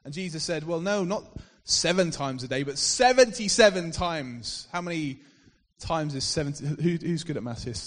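A man preaching a sermon, retelling a parable with expressive storytelling that swells to loud emphasis. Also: fairly high pitch, normal speed, few pauses. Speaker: pastor. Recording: reverberant hall.

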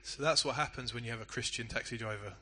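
Pastor, male, middle-aged; bright forward voice; chatty story-led preaching. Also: mid-range voice, quick pace, slight background noise. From England. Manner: conversational, self-deprecating storytelling. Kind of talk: sermon.

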